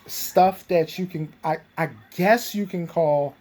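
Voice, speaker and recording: A man's voice: a little high, takes it slowly, darkish tone, soft background music. A young man casually recapping a tabletop game session, rambling with lots of fillers and restarts.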